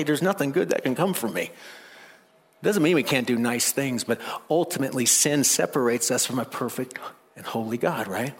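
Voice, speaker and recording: A man preaching a sermon, animated, rising loud and high to make his points. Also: husky.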